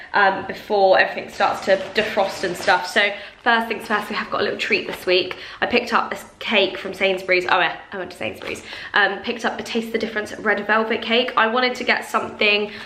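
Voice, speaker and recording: A woman's voice: mid-range voice, pushed and bright, roomy sound, a little hiss or hum. A young woman chatting casually to camera as a vlogger, rambling with plenty of fillers. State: out of breath. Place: small flat kitchen, indoors.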